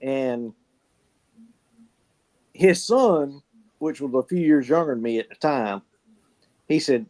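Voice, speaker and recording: A man's voice: medium pitch, lively intonation, slow pace, long pauses, mellow. A man telling folksy stories in casual chat, swearing freely and laughing often. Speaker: podcast co-host.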